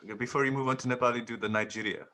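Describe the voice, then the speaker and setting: A man hosting a podcast in casual chat, prompting his guest with quick, encouraging lines. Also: mid-range voice, fairly even intonation, bright, forceful tone. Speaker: host. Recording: voice off-mic and distant.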